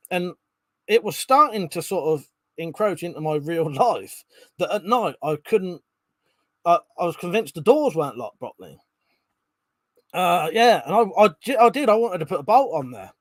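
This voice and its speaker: A man's voice: fairly high pitch, no echo. A man hosting a live stream, chatting casually and reading out viewer comments, laughing often and swearing freely.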